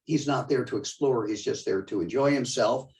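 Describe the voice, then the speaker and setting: An older man giving a conversational, digressive museum talk with slides, often halting mid-sentence. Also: medium pitch, a little mellow, distant mic, poor audio. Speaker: museum lecturer. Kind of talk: slide-show history talk.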